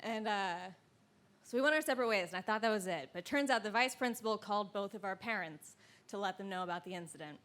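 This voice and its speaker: A woman in her thirties telling a true story live, with wry, deadpan comic asides. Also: medium pitch, fast.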